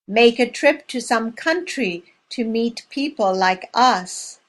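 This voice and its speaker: A woman leading a language lesson drill, speaking slowly and clearly and pausing between words. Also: on the high side, animated. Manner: clear, measured, spacing out each word. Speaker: language teacher. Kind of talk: slow, deliberate language drill.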